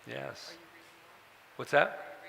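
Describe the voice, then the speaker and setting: A man telling personal stories to an audience at a book event, halting and repeating words, acting out the voices of people he quotes. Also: medium pitch, lively intonation, creaky, sharp tone, slight background noise. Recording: long hall reverb.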